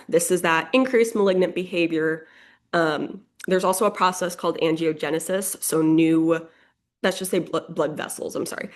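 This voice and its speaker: A young woman tutoring a nursing exam review over a video call, talking quickly and casually with many fillers and self-corrections. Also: on the low side.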